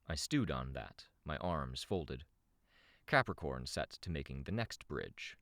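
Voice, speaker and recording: A man streaming a live audiobook reading, narrating in a measured way with self-corrections. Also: rumbling low, lively intonation, fairly bright tone, no echo.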